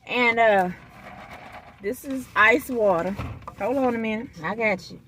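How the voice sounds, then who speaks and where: A woman's voice: a little high, a little slow, a bit bright, slight background noise. A woman, chatting folksily to viewers while eating in her parked car, recorded on a phone. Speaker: food vlogger. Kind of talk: casual vlog chat while eating. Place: parked car in a restaurant parking lot.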